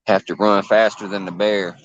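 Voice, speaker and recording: A man's voice: lowish voice, little pitch movement, moderate pace, highs cut off, a little hiss or hum. A man hosting a casual livestream chat, easygoing, laughing often and reading out viewers' names. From Illinois. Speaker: livestream host.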